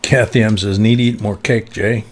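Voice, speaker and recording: A man's voice: on the low side, steady tone, moderate pace. A man hosting a casual livestream, chatting easily and reading viewer comments aloud. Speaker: livestream host searching coins.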